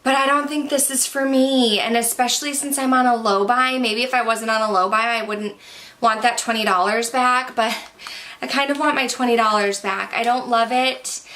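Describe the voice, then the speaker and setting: Young female beauty vlogger, chatty and candid, a little breathless, bright tone. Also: fairly high pitch, steady tone, moderate pace. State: slightly out of breath. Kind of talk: casual product review.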